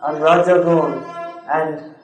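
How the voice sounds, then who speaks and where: Spiritual teacher, male, slightly high voice, measured emphatic lecture delivery, roomy hall sound. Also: little pitch movement, faint music behind. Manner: measured, drawn-out emphasis with Sanskrit recitation. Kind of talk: lecture on scripture. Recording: echoey hall recording.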